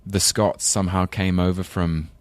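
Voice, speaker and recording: A deep-voiced man with a London English accent chats as a podcast guest. He talks thoughtfully and often stops to restart his sentences. His voice sounds close and dry. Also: level tone, moderate pace, dry recording. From England. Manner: thoughtful, hesitant, full of ums and restarts. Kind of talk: casual interview chat.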